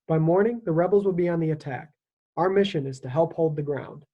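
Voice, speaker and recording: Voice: medium pitch, a little fast, muffled recording, natural voice. A stern army captain, as a reader puts him on. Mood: rousing. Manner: commanding, rousing. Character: stern Union army captain rallying his men.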